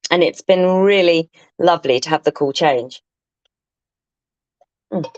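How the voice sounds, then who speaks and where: A low-pitched woman talks her way through a live craft demonstration, chatty and enthusiastic, thinking aloud and chatting with viewers. The sound is dry and close, a little dull at the top. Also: measured pace, darkish tone, no room sound. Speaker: craft tutor hosting a livestream.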